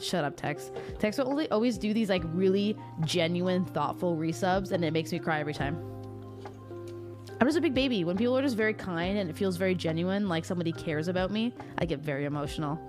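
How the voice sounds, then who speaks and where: A woman streamer chatting casually and jokingly with her live chat and reading out their messages into a desktop mic. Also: on the low side.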